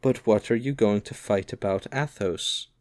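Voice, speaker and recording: Brief: quiet scholarly swordsman, discreet and smooth, man reading the part. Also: lowish voice, normal speed, no room sound, studio quality, lightly acted. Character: discreet scholarly male musketeer.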